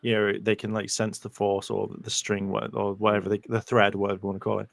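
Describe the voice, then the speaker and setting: A man's voice: on the low side, monotone, quick pace, creaky, no echo, clean studio sound. A man in a casual live chat, telling jokes playfully with bursts of laughter. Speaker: podcast co-host.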